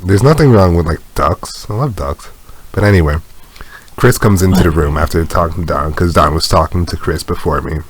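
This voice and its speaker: A man's voice: low voice, a little fast, husky. A male podcast co-host in casual chat, telling rambling anecdotes full of quoted voices and laughter, on a noisy home recording. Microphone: headphones and a shared mic splitter.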